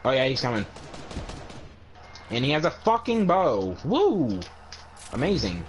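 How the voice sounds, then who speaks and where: A man's voice: medium pitch, huge pitch swings, a little hiss or hum. A man playing a video game with friends, chatting casually, cursing and bickering with his teammates. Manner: bickering, cursing, quick to snap. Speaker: gamer friend. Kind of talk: casual gaming chat.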